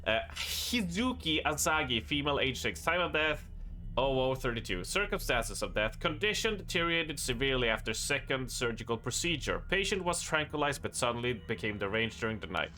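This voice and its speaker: A man streaming a horror game live, excitable and joking, reading notes aloud and laughing often. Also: mid-range voice, brisk. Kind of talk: live gameplay commentary.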